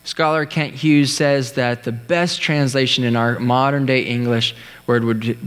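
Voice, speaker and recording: A man preaching a sermon, telling a story in an earnest way, with pauses and restarts. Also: medium pitch, fairly even intonation, clear, resonant tone. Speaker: pastor. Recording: long hall reverb.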